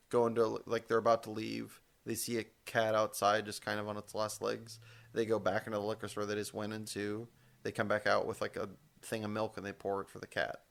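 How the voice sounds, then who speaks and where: A man's voice: fairly low pitch, vocal fry, a bit bright. A man co-hosting a podcast in casual chat, rambling and correcting himself as he goes, with the odd casual swear. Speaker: podcast co-host.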